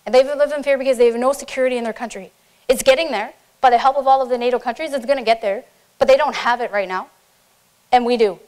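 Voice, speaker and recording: A woman's voice: on the high side, darkish tone, clear, resonant tone. A woman, a military officer, giving an earnest, impassioned speech to a conference audience and repeating phrases for emphasis.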